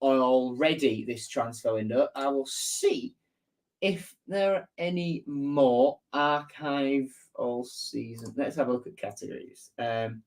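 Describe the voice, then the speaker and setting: Slow-talking man hosting a football stream. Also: medium pitch. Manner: chatty, reads out viewer comments and answers them. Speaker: football fan channel host. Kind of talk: casual live-stream match preview.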